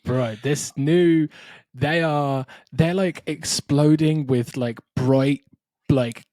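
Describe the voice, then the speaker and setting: A man's voice: on the high side, fairly even intonation, takes it slowly, darkish tone, no echo. A man co-hosting a music podcast, casually describing songs with strings of adjectives and frequent fillers. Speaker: podcast co-host. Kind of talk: casual chat about metal records.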